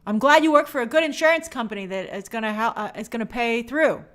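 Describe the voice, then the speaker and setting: A woman with a slightly high voice talks at a quick clip while hosting a casual livestream. She reads viewer comments out loud and answers them in a chatty, animated way, wrapping up with bubbly sign-offs.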